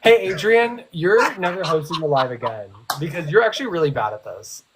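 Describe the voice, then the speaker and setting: Young man, lively storyteller, higher voice, teasing, video call audio. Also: brisk, background noise. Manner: animated storyteller, teasing, acts out quotes. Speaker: livestream co-host, former reality show contestant. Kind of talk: casual group chat on a livestream.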